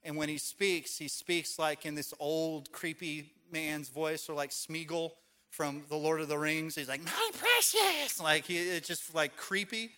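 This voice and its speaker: A man's voice: fairly high pitch, steady tone, unhurried, pushed and bright, clean tone. A man preaching a sermon as a pastor, talking casually and telling stories with everyday fillers. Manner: conversational, storytelling with casual fillers.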